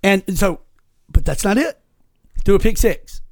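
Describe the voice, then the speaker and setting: A male podcast co-host with a high voice talks a little slowly, recorded with no echo. He tells an animated story in casual chat, swearing heavily.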